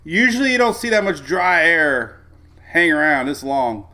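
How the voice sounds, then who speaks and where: A man's voice: a little high, big pitch swings, moderate pace, sharp tone. A middle-aged man hosting a casual weather livestream, chatting and greeting viewers by name, laughing often. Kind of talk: casual live-stream chat.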